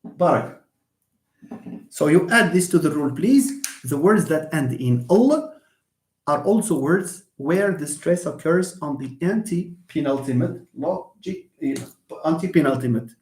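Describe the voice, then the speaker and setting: A man's voice: a little high, animated, measured pace. Male English lecturer, explanatory and repetitive, roomy echo on the mic. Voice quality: switches between English and Moroccan Arabic. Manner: explanatory, repeats words, answers viewer questions. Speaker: English teacher. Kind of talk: live online lecture. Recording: echoey room.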